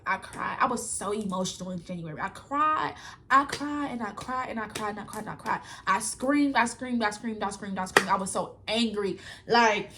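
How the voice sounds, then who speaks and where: A young woman speaks straight to her viewers in a loose, rambling, colloquial way, calling them y'all. Her voice sits a little high and sounds bright and tense. She tells a personal story candidly and unscripted. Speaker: vlogger.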